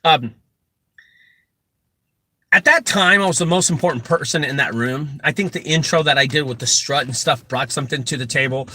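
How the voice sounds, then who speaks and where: A man who runs a junk removal business, telling animated, joking stories full of asides as he gives casual advice. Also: mid-range voice, moderate pace, no room sound. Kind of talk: casual storytelling advice talk.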